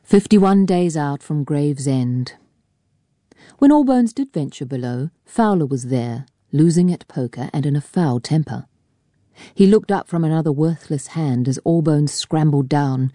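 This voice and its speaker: A woman reading a novel aloud in a measured, even narration on a close mic. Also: low-pitched, no room sound. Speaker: audiobook narrator. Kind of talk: scripted narration.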